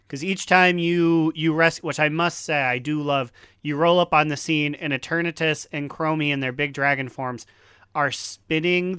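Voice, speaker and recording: A man's voice: fairly high pitch, pushed and bright, clear, resonant tone, dry recording, clean studio sound. A man co-hosting a podcast, talking animatedly about a video game, laughing often and swearing casually. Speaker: podcast co-host. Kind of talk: casual gaming chat.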